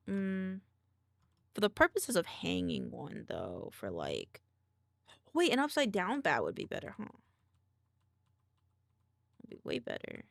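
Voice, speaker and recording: A woman's voice: medium pitch, creaky, dry recording, studio quality. A woman streamer chatting casually while she draws, murmuring half to herself and making little sound effects.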